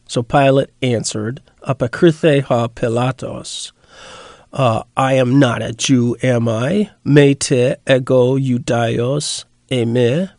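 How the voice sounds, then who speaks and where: A man lecturing slowly and haltingly, full of fillers and restarts, and leaning hard on the Greek words. His voice has a gravelly edge, and the recording is dry and close. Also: mid-range voice, steady tone, darkish tone, no room sound. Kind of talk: unscripted lecture.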